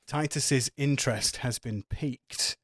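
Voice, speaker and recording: A man's voice: mid-range voice, unhurried, fairly bright tone, breathy edge. Man running a tabletop game. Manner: loose and conversational, with fillers and laughs. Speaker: game master.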